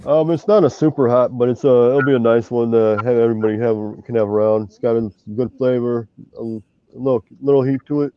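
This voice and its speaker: A man's voice: steady tone, a little fast, clear, resonant tone. A man joining a livestream as a guest, speaking hesitantly in casual chat. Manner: hesitant, low-key. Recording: dry, dull lo-fi line.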